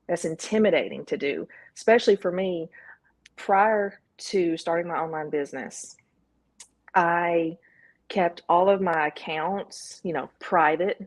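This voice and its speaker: A woman with a Southern US accent, a guest in an interview, talking candidly and quoting her own inner thoughts. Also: lowish voice. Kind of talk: casual interview talk.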